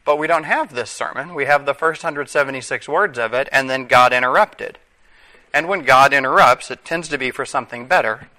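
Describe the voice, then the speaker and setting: A man's voice: medium pitch, fairly quick, pushed and bright, poor audio. A man, likely a father of young children, preaching a conversational sermon with wry asides and self-corrections.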